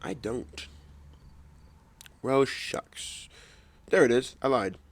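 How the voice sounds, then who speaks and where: A man's voice: medium pitch, drawn-out words. A man hosting his own podcast, chatting casually in a rambling way, correcting himself and making jokey asides into a close microphone at home. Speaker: podcast host. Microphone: close desk microphone.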